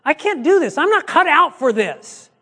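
A man's voice: extremely high pitch, big pitch swings, normal speed, pushed and bright. A man, a pastor, giving a conversational teaching talk, acting out little scenes of dialogue as he goes. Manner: conversational, acts out quoted dialogue. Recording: long hall reverb.

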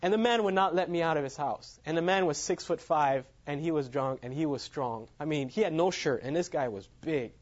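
A man's voice: on the high side, a little fast, hardly any pauses. A man giving a sermon as he tells a personal story, laughing often at his own lines. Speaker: preacher. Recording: dull lo-fi sound.

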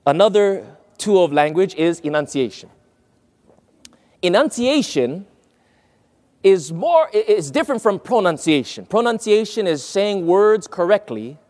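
A man's voice: high voice, sing-song, a little slow, a little mellow. A man preaching a sermon-style lesson on speaking, emphatic and earnest, putting questions to his listeners and stretching key words.

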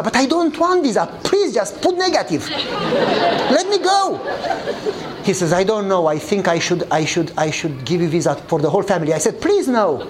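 Man telling a story in English. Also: background noise. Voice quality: non-native English grammar. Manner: animated storyteller, acting out dialogue with changing pitch. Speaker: pastor. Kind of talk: sermon storytelling.

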